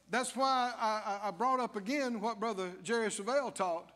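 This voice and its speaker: Male pastor, very high voice, animated delivery, long church reverb. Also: moderate pace, hardly any pauses. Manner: animated preaching that swings from low asides to shouted declarations. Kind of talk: sermon. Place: church sanctuary.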